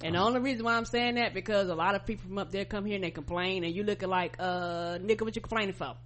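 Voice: mid-range voice, quick pace, a bit bright, slight background noise. A co-host from the American South, talking bluntly and profanely in casual comedic chat. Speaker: podcast co-host.

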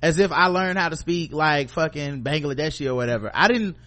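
A man's voice: on the high side, a little fast, a bit bright. Man telling a loose workplace story. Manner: loose anecdotal telling, acts out quoted voices, curses freely. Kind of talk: casual storytelling chat.

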